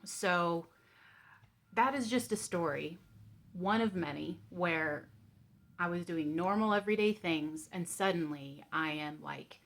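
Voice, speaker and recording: A woman vlogger telling a personal story and then guiding a calming exercise, speaking in a candid, gentle way with frequent ums. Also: on the low side, slow. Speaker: vlogger sharing coping tips.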